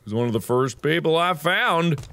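A man hosting a gaming video, giving animated, jokey let's-play commentary that swings from squeaky to mumbled. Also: moderate pace.

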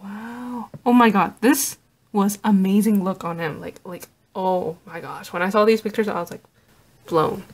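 A woman vlogger narrating an unboxing, gushing with awed exclamations and soft asides. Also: medium pitch, fairly even intonation, unhurried, breathy edge.

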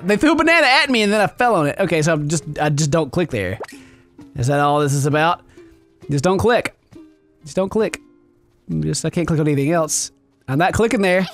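A man giving excited let's-play commentary, giggling, yelping and shouting as he plays. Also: on the high side, fairly quick, faint music behind. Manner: giggly, exclamatory, yelps and shouts. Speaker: gaming video host.

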